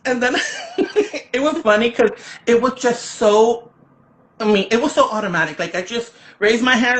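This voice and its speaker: Loud, expressive Puerto Rican-accented woman. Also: on the high side, moderate pace, rough recording. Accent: Puerto Rican Spanish. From Puerto Rico. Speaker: children's book author. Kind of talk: casual storytelling in an interview.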